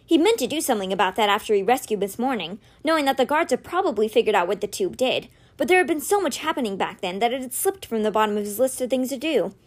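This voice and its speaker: A woman reading a novel aloud with expressive, animated storytelling. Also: fairly high pitch, fast talker, few pauses. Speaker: audiobook reader.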